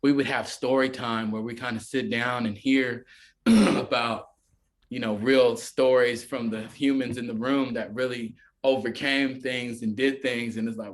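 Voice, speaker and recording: A man's voice: medium pitch, fairly even intonation, unhurried. Rambling man in casual podcast chat. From United States. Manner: rambling, filler-heavy, often acts out quoted voices. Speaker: podcast guest, musician.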